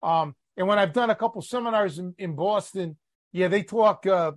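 A man from Chicago hosting a podcast, teasing and swearing casually in relaxed chat. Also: high-pitched, normal speed. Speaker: podcast host.

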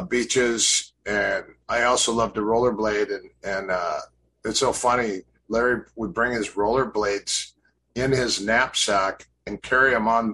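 This grappling coach in his fifties sounds pushed and bright, with a lowish voice, on a poor recording with slight background noise. As a podcast guest he rambles through anecdotes about his earlier training, full of fillers and false starts.

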